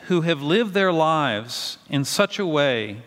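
A man's voice: a little high, sing-song, takes it slowly, a bit bright, in a large hall. A middle-aged male pastor preaching a sermon in a conversational, storytelling way, often asking the congregation questions.

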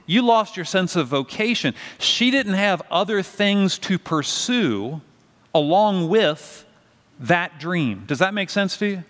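A man's voice: high-pitched, lively intonation, slow pace, fairly bright tone, long reverb tail. A middle-aged male pastor preaching a sermon in a conversational, storytelling way, often asking the congregation questions.

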